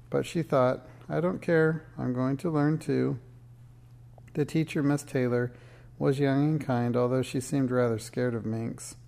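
A man reading a children's book aloud in a steady, measured storytelling way. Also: mid-range voice, gravelly. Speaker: narrator.

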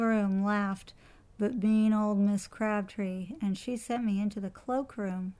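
A woman narrating a children's storybook aloud with an expressive storytelling delivery. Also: medium pitch, smooth.

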